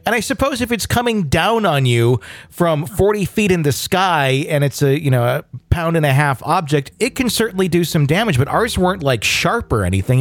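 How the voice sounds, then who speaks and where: A man hosting a podcast, chatting casually and telling stories with laughter. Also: on the high side. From Wisconsin. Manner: animated storytelling with laughs. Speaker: podcast host. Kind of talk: casual chat.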